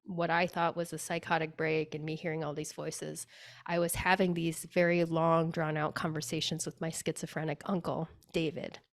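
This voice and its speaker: A woman's voice: sits low, little pitch movement, moderate pace. A woman being interviewed on a podcast as a spirit medium, telling a personal story in a chatty way, often saying "like" and acting out her own past words.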